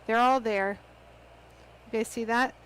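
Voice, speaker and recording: A woman with a high, lively voice hosts a live hands-on craft demo. She chats eagerly with her viewers and gushes as she goes. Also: unhurried, slight background noise, low-quality recording. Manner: chatty, excitable, talks straight to viewers. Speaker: host of a live lapidary demo. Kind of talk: live product demonstration.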